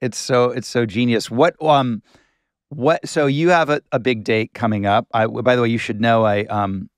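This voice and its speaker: An enthusiastic male host in casual chat, quick to praise. His voice sits at a mid pitch. The recording is dry and close. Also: steady tone, smooth, no room sound.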